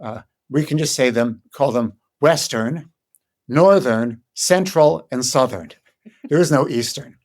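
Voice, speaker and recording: An older man from Chicago, a guest scholar in an interview, explaining in a thoughtful way with frequent ums and pauses. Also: medium pitch, a little mellow. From Chicago, United States. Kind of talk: conversational interview.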